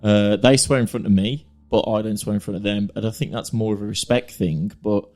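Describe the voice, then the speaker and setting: A man's voice: on the low side, steady tone, brisk, a little mellow, faint music behind. A young man co-hosting a podcast, chatty and easily amused. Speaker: podcast co-host. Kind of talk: casual podcast chat.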